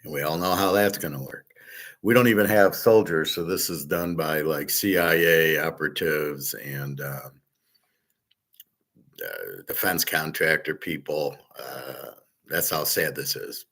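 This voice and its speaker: A man's voice: a bass voice, measured pace, vocal fry, fairly bright tone. A man hosting his own commentary show, ranting in an indignant, profane monologue. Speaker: host of a betting and gold commentary show. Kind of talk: opinion monologue.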